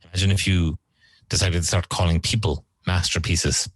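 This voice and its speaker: A man with a deep, low voice teaching English vocabulary. He says each word, repeats it, and explains how it is used. The sound is close and dry, with no room around it. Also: fairly even intonation, no echo, rough recording. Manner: repeats words slowly and explains them. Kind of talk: vocabulary lesson.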